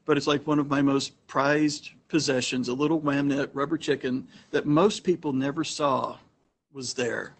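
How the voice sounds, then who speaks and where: A man's voice: mid-range voice, steady tone, normal speed. A man hosting a small tech meetup, telling stories in a chatty, anecdotal way and often restarting his sentences. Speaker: meetup host and presenter. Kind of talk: casual storytelling talk to a small group. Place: meeting room with a live audience. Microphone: room recording mic.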